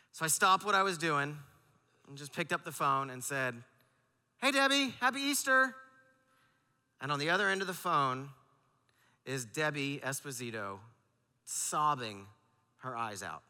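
In a large church auditorium with long hall reverb, a male pastor tells a personal story during a sermon. His voice is medium-pitched with a sharp tone, and he speaks earnestly, peppered with fillers.

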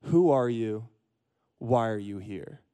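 A man voicing a calm, thoughtful old rabbi. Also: medium pitch, takes it slowly, voice pushed down, natural voice. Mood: wry.

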